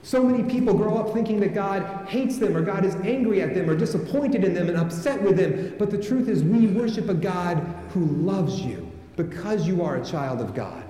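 Male pastor, mellow tone, preaching to and prompting a congregation, heavy hall echo. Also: high-pitched, expressive, moderate pace, hardly any pauses. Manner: calls on the congregation to respond. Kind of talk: sermon. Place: large church sanctuary with a congregation. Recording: echoey hall with long reverb.

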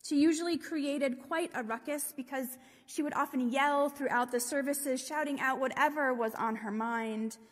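A woman preaching a sermon, telling a story in a slow, gentle way and dropping to a hush at times. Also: sits high. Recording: long reverb of a large hall.

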